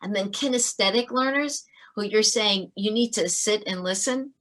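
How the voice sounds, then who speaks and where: A middle-aged woman, a former teacher, telling stories as a guest in a podcast interview, earnest and animated, often restarting her sentences. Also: medium pitch, normal speed.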